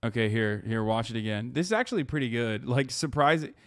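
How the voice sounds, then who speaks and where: A man's voice: medium pitch, fairly quick, no room sound. Sarcastic sweary guy streaming, dry close sound, talks blunt. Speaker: streamer host. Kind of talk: casual reaction-stream chat.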